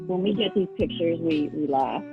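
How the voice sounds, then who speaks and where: A woman's voice: low voice, moderate pace, gravelly, lo-fi sound, over music. A woman guesting on a casual podcast, telling stories in a wry, exasperated way.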